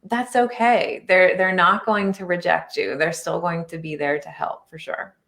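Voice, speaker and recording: A woman's voice: lowish voice, steady tone, normal speed, vocal fry, a bit bright. A woman hosting a podcast about spirituality, talking in an enthusiastic and reassuring way in casual interview chat. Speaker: podcast host and spiritual medium.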